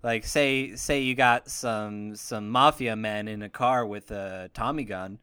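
A man's voice: fairly low pitch, measured pace, pushed and bright, clear, resonant tone. A young man hosting a casual podcast chat, joking and rambling. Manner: joking, rambling, jumps into goofy voices. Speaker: podcast host.

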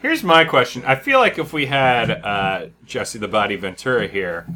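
A man's voice: mid-range voice, expressive, normal speed, pushed and bright. A man co-hosting a comedic podcast, posing absurd questions in casual chat. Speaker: podcast co-host.

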